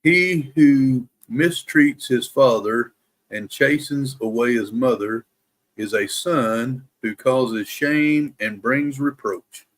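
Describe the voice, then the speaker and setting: Man, Bible live stream host: slow, careful scripture reading, mid-pitched voice, casual between passages. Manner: slow, deliberate reading, careful to pronounce every word. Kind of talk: reading scripture aloud and chatting with viewers.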